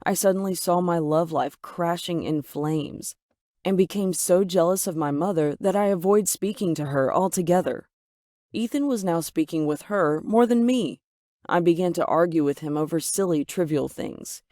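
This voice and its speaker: A woman narrating a first-person story in an even, measured way, voicing the quoted lines herself. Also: on the low side, no echo, studio quality.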